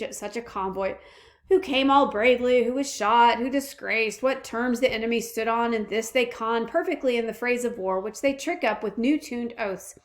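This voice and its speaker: A woman reading aloud as a scornful army captain, listing a soldier's faults in a steady voice. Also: a little high, natural voice.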